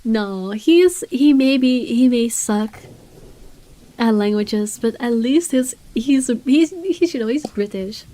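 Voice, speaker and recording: A woman's voice: a little high, animated, slow pace, warm tone. A woman streamer giving casual gaming commentary, rambling, self-deprecating and flustered.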